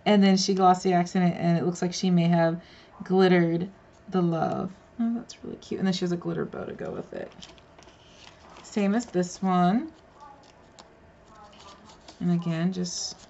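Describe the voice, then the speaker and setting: A woman's voice: fairly low pitch, gravelly, warm tone, highs cut off, slight background noise. A woman casually showing off handmade crafts in an unboxing vlog, gushing and muttering little asides as she handles the pieces. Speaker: crafter revealing a card swap.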